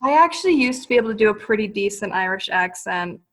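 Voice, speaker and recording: A woman's voice: medium pitch, lively intonation, fast talker, fairly bright tone. A young woman guest on a podcast, chatting casually and hesitantly, with plenty of fillers. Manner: hesitant, lots of fillers, self-deprecating. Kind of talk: casual chat.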